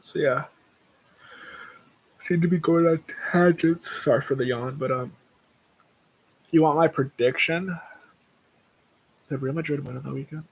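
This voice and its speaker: A man's voice: a little high, steady tone, a little slow, vocal fry, long pauses, breathy edge. A young man hosting a casual livestream, rambling through tangents about sports bets and swearing freely. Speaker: livestream host.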